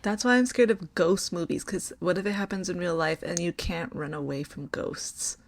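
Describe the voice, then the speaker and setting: A woman's voice: lowish voice, normal speed, creaky. A woman in her twenties chatting on a podcast, tired with a strained voice, playful and giggly. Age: 20s. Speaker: podcast co-host. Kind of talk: casual chat.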